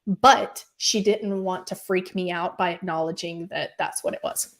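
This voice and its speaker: A woman telling a personal story in casual, animated talk, often saying "like" and acting out what people said. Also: on the low side, a little slow. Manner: animated, acts out quoted voices. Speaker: podcast host appearing as guest.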